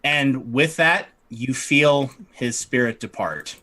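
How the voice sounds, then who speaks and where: A man narrating as dungeon master, relaxed and halting with fillers. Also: medium pitch. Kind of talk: narrating a tabletop game.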